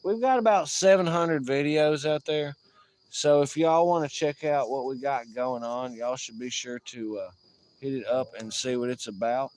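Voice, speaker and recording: A man drawls through a casual livestream, swearing freely and rambling between jokes. His voice sits at an everyday middle pitch, and he talks the way he would to friends on a porch. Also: normal speed, a little mellow, no echo. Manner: drawling, profane, rambling, jokey sign-off. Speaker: livestream host. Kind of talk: casual outdoor livestream chat.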